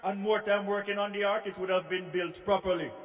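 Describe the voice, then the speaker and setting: A man's voice: sits high, flat delivery, fairly quick, dull audio, lightly acted. A man playing a grumpy, all-knowing boss who scolds in a stern, dry way. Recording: long hall reverb.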